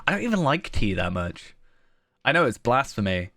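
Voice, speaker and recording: A man's voice: medium pitch, sing-song, normal speed, bright, forceful tone, dry recording, clean studio sound. A man from the south of the UK with a southern British accent, chatting casually with his live-stream chat while gaming, rambling and chuckling often. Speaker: game streamer.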